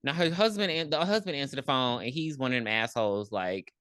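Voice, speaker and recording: A woman's voice: very deep voice, brisk, no echo, studio quality. A woman co-hosting a podcast, recapping a movie in casual chat and acting out the characters with lots of ums. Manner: animated storytelling, acts out characters, frequent ums. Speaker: podcast co-host.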